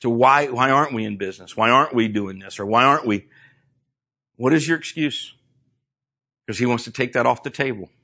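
Male pastor, bright forceful tone, mid pitch; storytelling sermon that builds into fervent prayer with stacked repetitions. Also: a little fast, long pauses. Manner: storytelling, dramatic swings in pitch and loudness; repeats words when building intensity.

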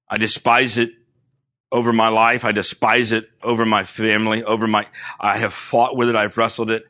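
A man's voice: fairly low pitch, bright, forceful tone. A male pastor preaching a sermon, telling a personal story with dramatic swings, then leading a fervent prayer full of repeated words. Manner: repeats words when building intensity.

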